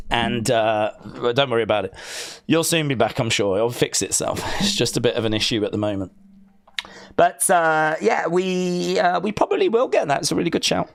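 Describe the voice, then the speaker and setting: A man hosts a live wrestling watch-along and speaks in a fairly high register. He answers chat questions with dry, sarcastic teasing. Now and then he breaks into loud, playful outbursts. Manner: jokey, sarcastic teasing of chatters. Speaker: live stream host.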